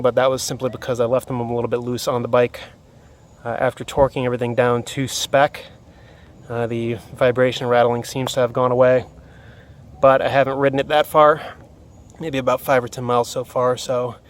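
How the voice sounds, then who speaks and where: A man's voice: mid-range voice, little pitch movement, moderate pace. A man filming a casual how-to walkthrough outdoors next to his motorcycle on his phone, a little out of breath from the heat and talking with many fillers. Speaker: motorcycle vlogger. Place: outdoors beside a motorcycle in hot weather. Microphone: phone camera.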